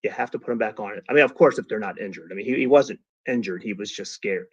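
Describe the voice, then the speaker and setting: A man's voice: lowish voice, fast, slightly rough, dry recording. Middle-aged man, podcast guest, storyteller who acts out quotes; dry, dull-ish recording. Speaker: podcast guest, father of a young racer. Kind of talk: casual storytelling chat.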